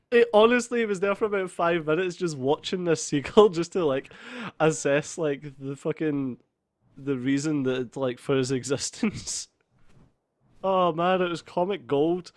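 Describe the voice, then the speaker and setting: A man's voice: high voice, no room sound. A young man hosting a let's play, telling a story in a casual, sweary way and laughing through it. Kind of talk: casual storytelling over gameplay.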